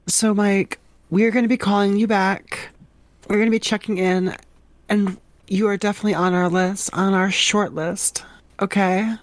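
A woman's voice: mid-range voice, fairly even intonation, normal speed, no echo. A woman hosting a comedy podcast, gushing and over-eager, often repeating herself. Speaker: podcast host. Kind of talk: prank interview, casual chat.

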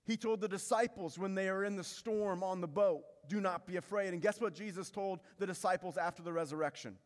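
A man preaching a sermon as pastor, building intensity through repetition and dropping low to stress key lines. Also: brisk, big-room sound.

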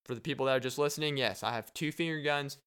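A young man hosting a casual solo podcast, talking in an animated, joking and rambling way. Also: medium pitch, quick pace, smooth. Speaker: podcast host.

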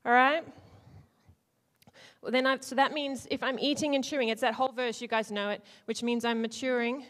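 A woman leading an interactive teaching talk to a church group, playful, swinging between loud and hushed and acting out lines. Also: on the high side, steady tone, normal speed. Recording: long hall reverb.

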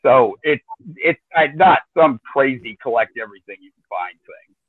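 A man's voice: mid-range voice, animated, normal speed, no room sound, narrow, tinny audio. A man chatting casually as a guest, drawling and hesitant with frequent fillers. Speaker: guest, chinchilla breeder. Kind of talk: casual chat.

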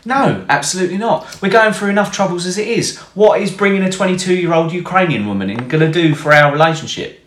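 Brief: a man voicing a shrill, exasperated wife saying no, echoey room. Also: lively intonation, fast talker, fairly bright tone. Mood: indignant.

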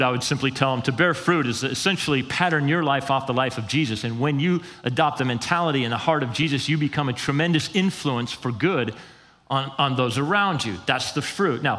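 A man giving a conversational sermon as pastor, animated and acting out quoted voices. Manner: animated, conversational, acts out quotes with pitch jumps. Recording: long hall reverb.

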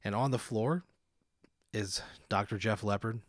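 Low-voiced man spinning a hypothetical. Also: measured pace, no echo, studio quality. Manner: laid-back, chuckling, vivid scene-setting. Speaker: podcast host narrating a hypothetical. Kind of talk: casual improvised storytelling.

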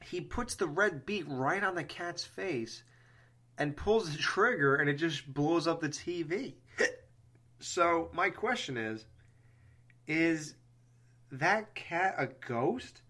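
A man co-hosting a horror movie podcast, chatting casually with friends. He talks with animation, laughs easily and swears freely. His voice sits bright and forward. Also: a little high, expressive, slow, pauses often. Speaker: podcast co-host. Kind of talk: casual chat.

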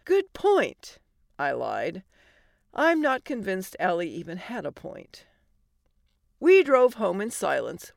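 Brief: a woman narrating a comic story podcast, wry delivery, gravelly voice. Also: mid-range voice, dry recording, studio quality.

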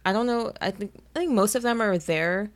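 A woman's voice: mid-range voice, fairly quick. A young woman co-hosting a podcast in casual chat, gushing like a fangirl and laughing often. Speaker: podcast co-host.

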